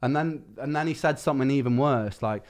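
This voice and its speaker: A man's voice: mid-range voice, brisk. A young man streaming live, telling a long story in casual chat, swearing and using slang freely.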